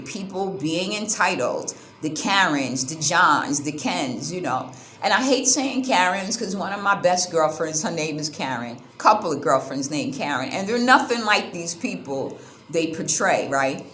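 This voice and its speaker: Woman vlogger, lowish voice, animated and indignant storyteller, roomy sound with faint background hum. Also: unhurried. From United States. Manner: animated, indignant retelling with quoted exchanges. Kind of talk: casual storytelling to camera.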